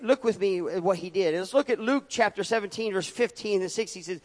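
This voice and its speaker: A man preaching a sermon, reading scripture aloud and pressing his points with loud emphatic rises and sudden quiet drops. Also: sits high, brisk.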